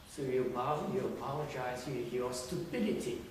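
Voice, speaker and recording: A man gives an informal talk to a group at a middle pitch, with a conversational, teasing manner and frequent restarts. He is recorded from a distance in a strongly echoing room, with faint noise behind him. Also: normal speed, darkish tone. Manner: conversational, repetitive restarts, teasing questions, chuckles. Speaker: teacher addressing a group. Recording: very echoey room, distant mic.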